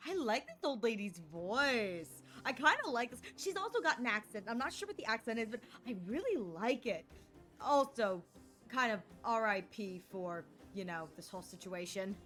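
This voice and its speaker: Bright, playful woman streaming a game. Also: on the high side, moderate pace, faint music behind. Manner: playful, animated, reads character lines aloud. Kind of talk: casual game commentary.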